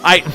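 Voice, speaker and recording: A young man live-streaming and chatting with his viewers, loud and excitable, joking at his own expense and bursting into yells. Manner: joking, self-mocking banter with chat. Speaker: livestreamer.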